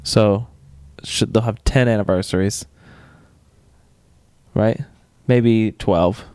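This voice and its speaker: A man's voice: on the low side, steady tone, slow, a little mellow, smooth. A young man co-hosting a podcast, chatting casually and teasing with playful exaggeration. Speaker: podcast co-host. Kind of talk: casual chat.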